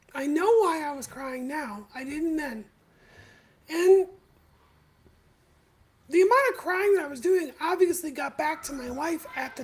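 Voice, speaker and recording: A woman hosting a podcast live stream, telling her own story in a candid, confessional way with halting pauses. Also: sits high, a little mellow, rough recording. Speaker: podcast host.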